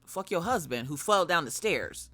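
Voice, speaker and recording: A woman streamer retells a wild story, animated and full of curses. Her voice is bright and lively, leaping up and down in pitch. Faint music plays behind her. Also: normal speed. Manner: animated, swears freely, dramatic retelling. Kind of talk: casual storytelling chat.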